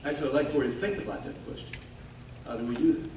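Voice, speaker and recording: Talking at a racing clip in a medium-pitched voice, an older guest speaker shares his story with folksy charm and humor at his own expense. The setting is a ceremony in a large hall, captured from a distance with echo and a little background noise.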